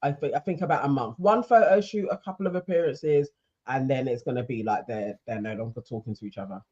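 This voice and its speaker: A woman's voice: a bass voice, fast talker, a little mellow, husky, highs cut off. A woman co-hosting a podcast, chatting casually in a laid-back, hesitant way. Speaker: podcast co-host. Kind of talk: casual reality-TV recap chat.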